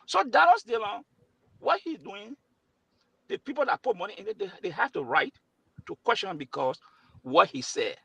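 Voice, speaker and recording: A man's voice: high voice, big pitch swings, normal speed, creaky, pauses often, pushed and bright, slightly rough, no room sound, poor audio. A man arguing as a commentator on a political talk show, retelling events and repeating words. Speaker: panel guest, right-leaning commentator. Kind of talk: heated political debate.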